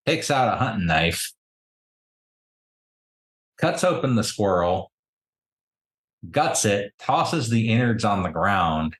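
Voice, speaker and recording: A man with a lowish voice narrates as game master of a tabletop game, unhurried and descriptive. His recording carries a roomy echo. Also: a bit bright.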